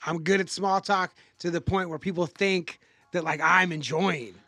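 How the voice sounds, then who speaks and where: A man hosting a podcast in loose, animated casual chat that trails off into mumbles. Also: high voice, moderate pace, no room sound. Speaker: podcast host.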